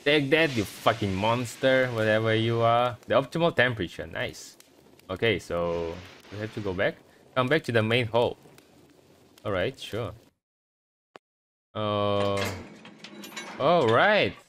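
A jumpy gameplay streamer plays a horror game in a let's-play, swearing and reading on-screen text aloud. His voice is on the low side, animated and fairly bright, delivered at a measured pace with long pauses. The recording is rough, carrying a little hiss or hum.

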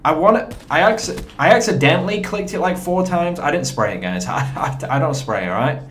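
A man's voice: a little high, normal speed, faint music behind. Chatty young man narrating gameplay. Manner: chatty, excitable, talks to viewers. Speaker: gaming commentator. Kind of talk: gameplay commentary.

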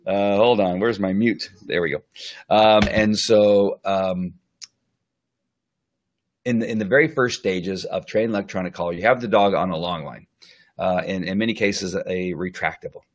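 Chatty man explaining dog training. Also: low voice. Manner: chatty, rambling, many fillers and restarts; acts out the dog's thoughts in quick asides. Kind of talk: casual live-stream lesson.

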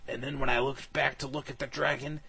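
A man giving a comic, mock-dramatic reading of fan fiction, sometimes bursting into shouts. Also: medium pitch, flat delivery, fairly quick, gravelly, a little hiss or hum. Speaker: reader.

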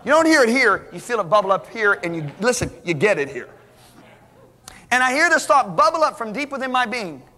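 A middle-aged man preaching a sermon as a lively story, acting out the dialogue. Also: very high-pitched, a little fast. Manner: animated, acts out dialogue, restarts. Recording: hall reverb.

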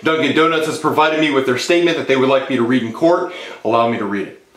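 A man voicing a formal, deadpan male lawyer. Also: mid-range voice, fast, close to an everyday voice. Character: dry, matter-of-fact male lawyer. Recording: roomy echo.

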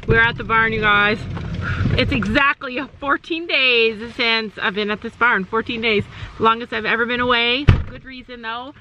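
A woman's voice: a little high, normal speed, bright, forceful tone, slight background noise. A middle-aged woman vlogging casually, chatting straight to her viewers in a talkative way. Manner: chatty, often addresses viewers directly. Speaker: family vlogger. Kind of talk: casual vlog talk to camera.

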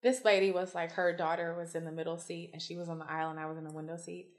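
A woman's voice: lowish voice, little pitch movement, fast. A young woman co-hosting a podcast, chatting casually and telling stories with blunt, profane humor, acting out the people in them, often laughing. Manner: acts out the other people in her stories, swears freely, laughs a lot. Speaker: podcast co-host. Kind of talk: casual chat, animated storytelling.

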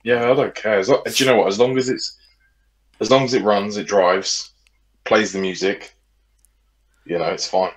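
A man's voice: lowish voice, steady tone, normal speed, pauses often, low-quality recording. A man co-hosting a podcast in a laid-back, casual chat, swearing often. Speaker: podcast co-host.

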